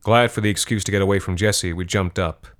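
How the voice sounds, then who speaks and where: Deep-voiced man narrating dark fiction. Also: fairly even intonation, fairly quick. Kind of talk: scripted horror fiction narration.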